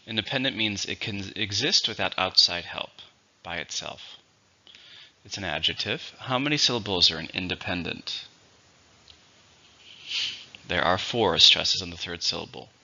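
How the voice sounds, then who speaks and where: A very deep-voiced man gives an English vocabulary lesson, spelling out syllables and stress with slow, careful dictation. His tone is sharp and bright despite the low pitch. The recording sounds dull and lo-fi. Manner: slow, clear, patient dictation. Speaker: English teacher.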